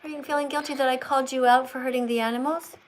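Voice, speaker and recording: A woman hosting a livestream, coaching a caller to read aloud slowly, in a coaxing, teacherly way as if talking to a child. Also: sits high, fairly even intonation, slight background noise, low-quality recording. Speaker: livestream host.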